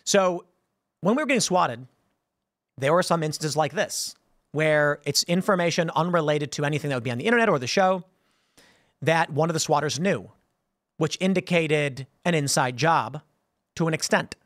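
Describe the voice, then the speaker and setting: Guy hosting a commentary show, kinda high voice, keeps tripping over his words, dry studio mic. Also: moderate pace, long pauses, fairly bright tone, no room sound. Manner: stammering restarts, repeating words. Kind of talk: casual commentary monologue.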